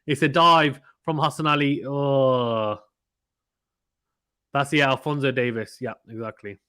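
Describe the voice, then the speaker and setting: A man from the United Kingdom hosting a casual live cricket watchalong, reading viewer comments aloud and getting excited at big shots. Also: mid-range voice, brisk. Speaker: host reading live chat.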